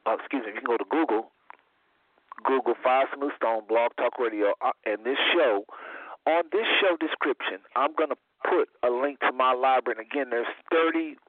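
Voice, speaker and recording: A man's voice: mid-range voice, moderate pace, no echo. Male radio host, loose and rambling, heard over a tinny line. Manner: rambling, informal, repeats himself. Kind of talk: casual radio talk. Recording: tinny phone line, dry.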